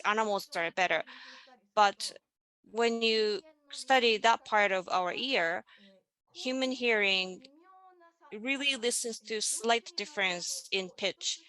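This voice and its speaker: A woman presents over a video call, her mid-range voice unhurried and deliberate. She explains each idea step by step and leads her listeners through simple vocal exercises. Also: mid-range voice, sharp tone. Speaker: presenter in a panel dialogue. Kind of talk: online presentation on voice and music.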